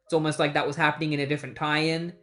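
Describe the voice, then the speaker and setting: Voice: medium pitch, level tone, racing, fairly bright tone. A comic book reviewer recapping an issue in a casual, chatty way with incredulous asides.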